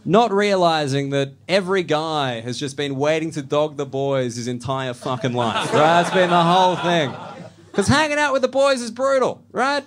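A blunt Australian man performs stand-up in a comedy club, his voice sitting a bit high for a man. He talks casually and keeps checking in with the audience. The live recording is noisy. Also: moderate pace.

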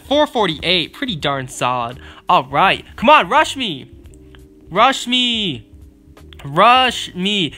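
A teenage boy chatting his way through a match in an excitable, playful ramble. His voice sits high and sounds bright and forward, and he keeps calling out to his opponent. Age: teens. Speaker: gaming video creator. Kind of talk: casual gameplay commentary.

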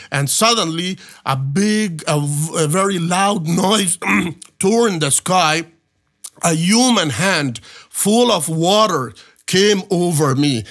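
Halting man, fairly high voice. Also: a bit bright. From Afghanistan. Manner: halting, many fillers and restarts, earnest storytelling. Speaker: guest. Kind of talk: personal testimony in a podcast interview.

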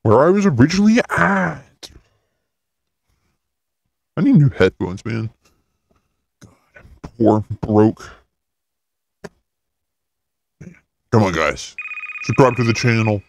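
A man's voice: mid-range voice, sing-song, measured pace, gravelly, pauses often, dry recording. A man playing a horror game and joking, talking back sarcastically to the game. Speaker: gaming YouTuber. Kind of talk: let's play commentary.

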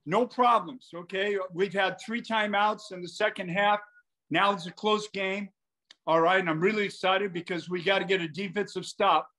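An older man, a basketball coach appearing as a guest, casually tells anecdotes over a call, acting out the quotes in his stories. His voice is high-pitched with a fairly bright tone.

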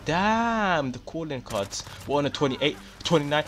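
A man and gaming YouTuber giving excited gameplay commentary, hyped and exclaiming often, voice a bit worn. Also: a little high, measured pace, soft background music. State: losing his voice a little.

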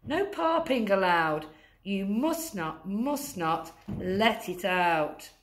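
A woman's voice: mid-range voice, lively intonation, slow pace, slight background noise. A woman voicing a strict, bossy Christmas elf in a storybook, scolding and shushing with emphasis.

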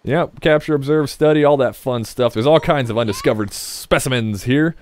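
A man's voice: mid-range voice, normal speed. A man casually commenting on his gameplay as a Let's Play host, rambling and joking with his viewers. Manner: rambling, jokey, talks to viewers.

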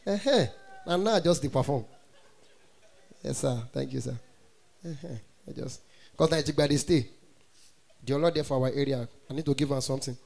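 A man with a Nigerian accent doing stand-up comedy, animated and often breaking into mock singing. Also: medium pitch, normal speed, creaky, long pauses.

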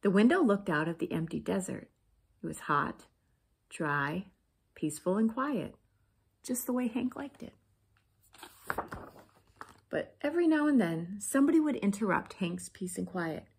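A woman reading a children's picture book aloud, expressive and pointing out the pictures. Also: mid-range voice, measured pace, gravelly, long pauses, husky. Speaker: storybook reader.

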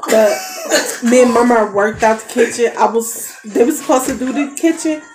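A woman's voice: fairly high pitch, moderate pace. A woman in her thirties telling a rambling story in casual chat, with asides to her kids, in a noisy home. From United States. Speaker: family vlogger, mother. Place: home basement.

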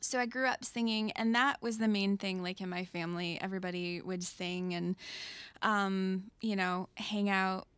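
A young adult singer-songwriter from Metro Detroit chats casually as a guest in a radio studio interview, laughing often. Her mid-range voice is smooth and a bit bright, with fairly even intonation and a moderate pace, in a dry recording.

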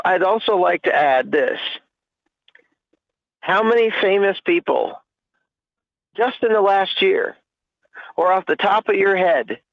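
High-voiced earnest preaching man. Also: no echo, lo-fi sound. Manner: earnest, preacherly, with frequent fillers. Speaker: panelist. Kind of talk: preaching in a panel discussion. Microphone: online call or stream mic.

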